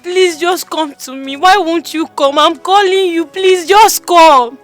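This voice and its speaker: A woman's voice: extremely high pitch, unhurried, faint music behind. An actress with a Nigerian accent playing a desperate young woman who pleads and stammers as she begs her guardian spirit to come. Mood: pleading. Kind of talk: Nigerian film drama.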